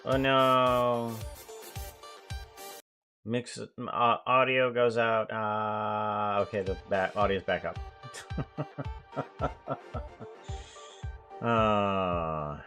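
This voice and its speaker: Slow-talking bright-voiced male streamer. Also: medium pitch. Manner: rambling, halting, self-correcting. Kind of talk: casual live-stream chat.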